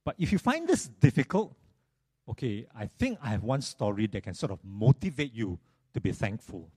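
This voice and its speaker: A man preaching a sermon in an animated, storytelling manner, often repeating his phrases. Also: mid-range voice, normal speed, breathy edge.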